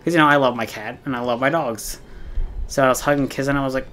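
A man's voice: medium pitch, steady tone, brisk, fairly bright tone. Rambling young man telling a story. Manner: rambling, heavy on fillers and swearing. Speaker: gaming streamer. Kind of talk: casual storytelling while playing a game.

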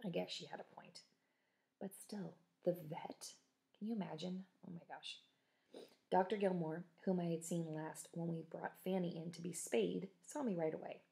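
A woman's voice: fairly low pitch, fairly even intonation, moderate pace, gravelly, dark tone. A woman reading a children's book chapter aloud, chatty, with casual asides to listeners. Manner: chatty, self-correcting. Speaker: audiobook reader.

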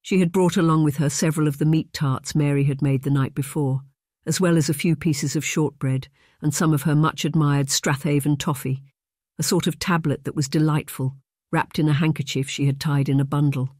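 An audiobook narrator reads in an even, measured way, with a voice of middle pitch. The sound is dry and close, with no room around it. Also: no echo. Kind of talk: scripted narration.

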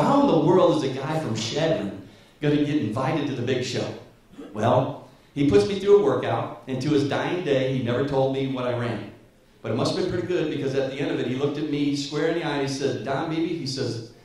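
A man's voice: on the high side, darkish tone. A man in his fifties giving a storytelling speech to an audience, chuckling as he tells anecdotes. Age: 50s. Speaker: guest speaker. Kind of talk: motivational speech. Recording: echoey hall from far off.

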